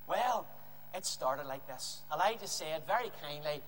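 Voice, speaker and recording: A male preacher tells a Bible story to his congregation with lively, acted-out delivery. His voice sits high and swings widely in pitch. It carries through a reverberant hall with a faint background hiss. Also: a little slow. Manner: lively storytelling, acting out scenes. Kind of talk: animated children's Bible story.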